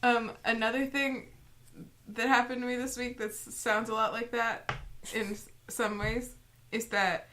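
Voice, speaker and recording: A woman's voice: fairly high pitch, flat delivery, unhurried, sharp tone, a little hiss or hum. A woman co-hosting a podcast in casual chat, talking with lots of fillers and restarts. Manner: chatty, many fillers and restarts. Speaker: podcast co-host.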